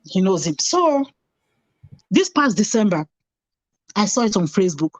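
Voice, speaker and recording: A woman's voice: medium pitch, sing-song, unhurried, no echo. A middle-aged woman telling a painful personal story earnestly, repeating phrases for emphasis. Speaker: guest telling her story.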